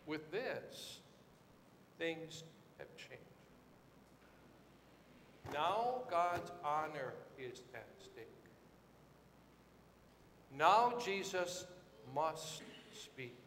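A man preaching a sermon with dramatic swings, rising to shouted quotes and dropping low and quiet. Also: lively intonation, drawn-out words, long pauses, roomy sound, in a large hall, slight background noise.

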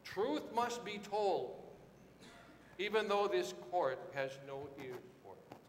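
A man preaching a sermon with dramatic swings, rising to shouted quotes and dropping low and quiet. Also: sing-song, slow, echoey room, long reverb tail, a little hiss or hum.

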